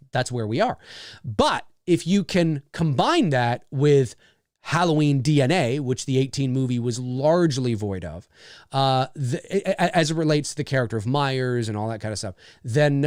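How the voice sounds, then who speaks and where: A man's voice: medium pitch, darkish tone, dry recording, studio quality. A man hosting a casual live-stream Q&A who also works as a voice actor. He answers viewer questions in a rambling, explanatory way, with many restarts. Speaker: host and voice actor.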